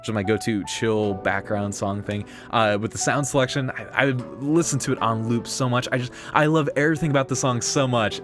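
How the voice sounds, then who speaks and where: A man chatting casually while live-streaming a game, rambling with lots of fillers and playful slang. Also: fairly low pitch. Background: game music.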